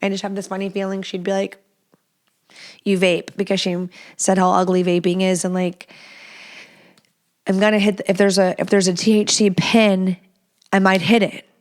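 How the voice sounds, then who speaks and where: A woman in her thirties hosting a solo podcast in a loose, unscripted way. She talks bluntly and swears freely, and she addresses her listeners directly. Her voice sits at an ordinary middle pitch for a woman. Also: flat delivery, moderate pace. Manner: blunt, chatty and profane, talking straight to listeners. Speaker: podcast host. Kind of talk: casual solo podcast chat.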